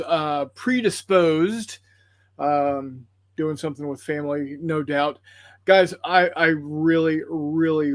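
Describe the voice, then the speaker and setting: A man's voice: fairly high pitch, dry recording. A man hosting a tabletop gaming livestream, chatting casually and rambling apologetically through viewer comments with plenty of fillers.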